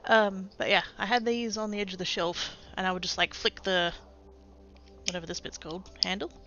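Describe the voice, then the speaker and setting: A woman's voice: mid-range voice, steady tone, a little fast, fairly bright tone, muffled recording, faint music behind. A woman chatting casually to her livestream chat while sorting craft supplies, self-mocking and rambling. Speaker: craft streamer.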